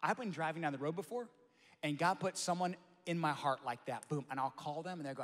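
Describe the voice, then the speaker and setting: A male pastor preaching a sermon, swinging between loud emphatic lines and soft hushed asides. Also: on the high side, brisk. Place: large church hall. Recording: long hall reverb.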